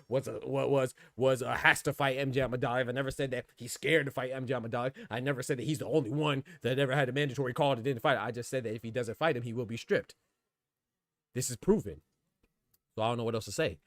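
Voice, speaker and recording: A man's voice: mid-range voice, fairly bright tone, no echo, studio quality. A man hosting a live boxing podcast, arguing his point in a rambling, insistent way and reading out chat comments. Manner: argumentative, rambling, repeats "man".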